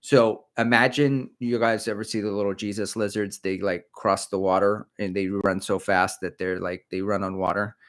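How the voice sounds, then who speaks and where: A man's voice: fairly low pitch, little pitch movement, moderate pace, few pauses, a bit bright. A middle-aged man hosting a casual running livestream, rambling and self-mocking as he chats about shoes. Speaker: running channel host. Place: indoors, creaky chair.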